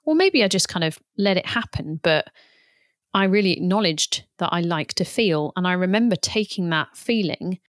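A woman in her thirties, a yoga teacher, talking gently and candidly about her own experience in an unhurried, reflective way. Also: lowish voice, no room sound, clean studio sound. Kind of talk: reflective personal talk.

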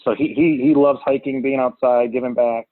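Over a tinny phone-call line, a man in his thirties from Cleveland, Ohio tells his story as a business co-founder in a casual interview, chatty and full of fillers, often restarting. His mid-range voice is steady and at normal speed, with a dry recording.

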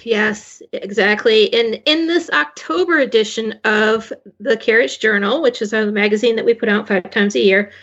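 A woman guest on a radio chat explains a driving certification, hesitating and restarting often. Her higher voice carries a gravelly, husky grain, and the line sounds dull and lo-fi. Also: moderate pace, hardly any pauses, fairly bright tone. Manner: hesitant, many fillers and restarts. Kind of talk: casual radio interview.

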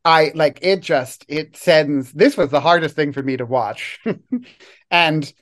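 A podcast co-host giving casual, wry analysis of a TV episode, sometimes slowing down to weigh each word. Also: medium pitch, a bit bright.

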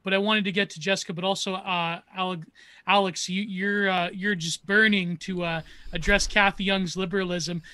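A man hosting an online panel, quick and joking with a combative edge. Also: high-pitched, level tone, pushed and bright, no room sound.

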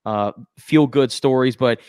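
A man's voice: medium pitch, measured pace, smooth, no echo, clean studio sound. Self-mocking man in casual podcast chat. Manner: self-deprecating, animated storytelling. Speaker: podcast co-host.

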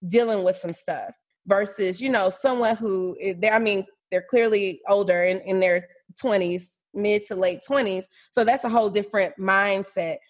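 A woman in her twenties co-hosting a podcast in casual chat, speaking frankly and bluntly. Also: mid-range voice. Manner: frank and blunt, with many restarts. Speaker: podcast co-host.

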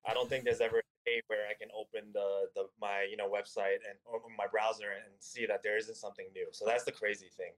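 Relaxed man in his thirties, guesting. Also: lowish voice, quick pace, few pauses, low-quality recording. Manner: relaxed, laughs easily, loose phrasing. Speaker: podcast guest, agency founder. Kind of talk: podcast interview.

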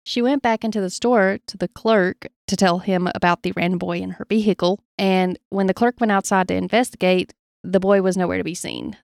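A woman in a casual podcast chat reads eerie tales aloud, steady and matter-of-fact. Her voice sits at a mid pitch and sounds close and dry, with no room around it. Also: fairly quick, gravelly, dry recording. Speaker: podcast co-host telling stories.

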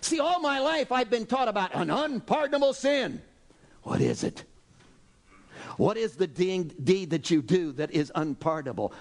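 A male pastor preaching a sermon, animated and exclaiming, acting out voices from the story. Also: high-pitched, moderate pace.

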